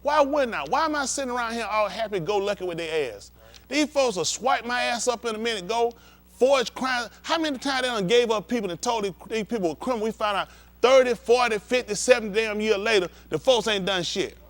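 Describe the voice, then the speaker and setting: Fiery, profane high-voiced male preacher. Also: expressive, a little fast, fairly bright tone. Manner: blunt, profane and heated, acting out scenes with volunteers. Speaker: pastor.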